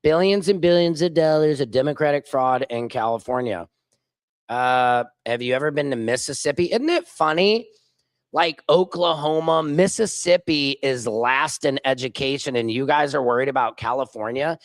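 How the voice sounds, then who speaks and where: A man's voice: medium pitch, normal speed, dry recording. Combative man ranting on a livestream. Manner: combative, mocking, reads chat comments aloud. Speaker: livestream host. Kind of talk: casual political livestream rant.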